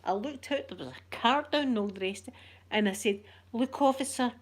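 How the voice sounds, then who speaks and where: A middle-aged Scottish woman hosting a soft-spoken ASMR vlog, chatty and rambling, with local words like wee and yous. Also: mid-range voice, animated, fairly quick. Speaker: ASMR channel host.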